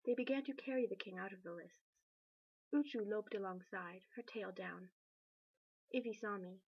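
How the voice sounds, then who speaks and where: A woman reading a novel aloud in a steady, measured narration. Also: mid-range voice, slightly rough, no echo, highs cut off. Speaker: reader.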